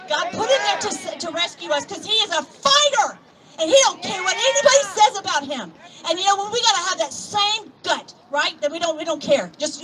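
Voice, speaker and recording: High-voiced preachy woman. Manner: preachy, calls out to the crowd, swings between soft asides and shouts. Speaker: rally speaker. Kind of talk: impassioned outdoor rally speech with scripture reading. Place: outdoor plaza at a protest march. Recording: distant outdoor recording with crowd noise. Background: murmuring crowd and street noise.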